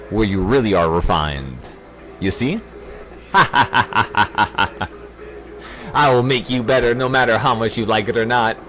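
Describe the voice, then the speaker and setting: A man rallies his trading group over a livestream, preachy and intense, repeating his points and swearing freely. His pitch swings widely as he talks, and faint music plays behind him. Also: a bit bright. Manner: intense and preachy, with profanity and repetition. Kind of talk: livestream pep talk to traders.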